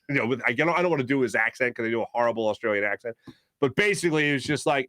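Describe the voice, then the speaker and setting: A man hosts a sports talk show, rambling in quick, animated bursts packed with fillers and reading ads live. His pitch is medium and the recording is dry.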